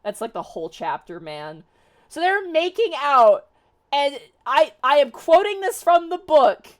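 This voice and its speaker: A young woman streamer casually retelling a novel for her chat, animated and exasperated, swearing freely. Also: high-pitched, unhurried. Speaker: VTuber streamer. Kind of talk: casual livestream book retelling. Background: faint music.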